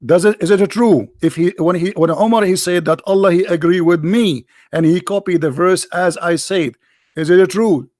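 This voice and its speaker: Brief: male debate host, high voice, hoarse, aggressive and interrupting. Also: normal speed, darkish tone, no echo, clean studio sound. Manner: combative, interrupting, insulting caller. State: voice getting hoarse. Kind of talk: heated live call-in debate.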